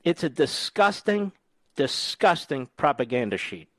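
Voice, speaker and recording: A man's voice: a little high, sing-song, measured pace, a bit bright, no echo. A man in his sixties from the United States, a radio host delivering a combative, scornful political monologue with emphatic repetition. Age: 60s.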